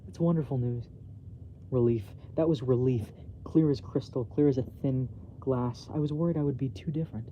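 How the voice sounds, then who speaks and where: A man's voice: medium pitch, brisk, slight background noise. A man reading his own novel aloud as a bedtime story, plainly and a little self-consciously, with small slips, in a dull home recording.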